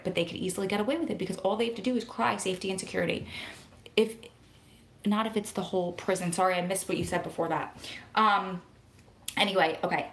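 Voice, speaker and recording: Fast-talking New woman. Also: on the low side, a little hiss or hum. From New Jersey. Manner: fast-talking, excitable, rambling. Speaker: vlogger and prison wife advocate. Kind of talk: casual live-stream chat. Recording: echoey room.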